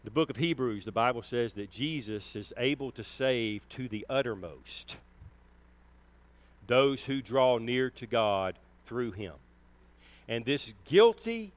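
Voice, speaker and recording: A man preaching a sermon, emphatic, swelling and slowing down on key words. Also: mid-range voice.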